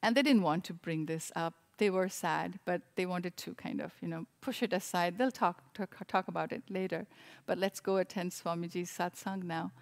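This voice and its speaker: Gentle woman giving a sermon. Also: on the low side, steady tone, normal speed, gravelly. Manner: gentle, reflective, with frequent restarts. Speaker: service leader.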